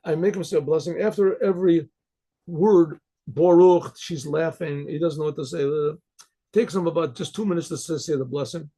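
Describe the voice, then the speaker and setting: A rabbi telling a story in a rambling, animated way, full of restarts, over a computer mic on a video call. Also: male voice, a little high, normal speed, breathy edge. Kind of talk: storytelling talk.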